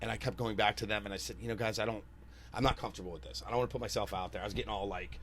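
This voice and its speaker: A man's voice: on the low side, steady tone, rapid-fire, crowd noise. Laid-back swearing man chatting casually. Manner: laid-back, swears freely, laughs often. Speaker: podcast host, chef. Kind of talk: casual chat.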